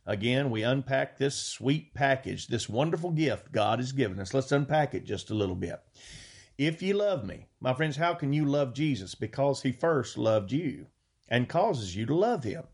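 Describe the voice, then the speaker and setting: A man preaching a sermon, reading scripture slowly and earnestly and stressing key words. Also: medium pitch, animated, husky. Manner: earnest, drawn-out scripture reading with rising emphasis.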